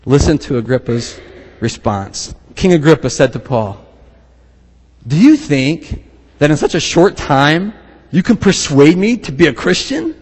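A middle-aged pastor preaching with energy, breaking into laughs and pressing his points home. His voice sits a little high for a man. It rings out with the long reverb of a large hall. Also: measured pace, husky. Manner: animated preaching, laughs, reads scripture aloud. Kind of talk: sermon.

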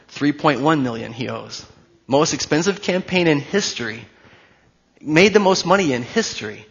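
A man in his forties, a pastor, giving a conversational sermon with jokes, then leading a quiet prayer. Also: mid-range voice, husky, highs cut off.

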